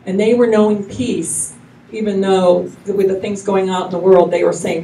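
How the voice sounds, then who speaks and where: A woman's voice: medium pitch, fairly even intonation, moderate pace, dark tone. A woman minister giving a casual, effusive sermon to her congregation, rambling loosely and restarting her sentences often. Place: church hall with live congregation. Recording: echoey hall, mic from far off, faint noise.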